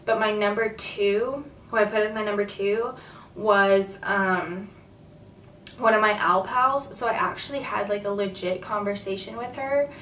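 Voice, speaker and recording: A young woman vlogging, chatting excitedly to camera with lots of fillers. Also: medium pitch, unhurried, distant mic, slight background noise. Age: young adult. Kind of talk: casual chat to camera. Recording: echoey room, voice a little off-mic.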